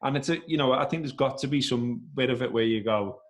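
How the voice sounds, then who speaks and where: A man's voice: mid-range voice, fast. A man speaking as a podcast guest, thinking aloud in a rambling, casual way with some swearing. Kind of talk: casual conversational podcast chat.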